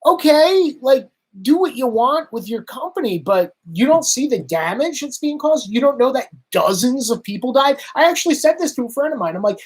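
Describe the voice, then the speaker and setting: A man's voice: extremely high pitch, big pitch swings, normal speed, hardly any pauses, slightly rough. A man ranting as a political commentator, sarcastic and emphatic, hammering his points through repetition. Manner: sarcastic, exasperated.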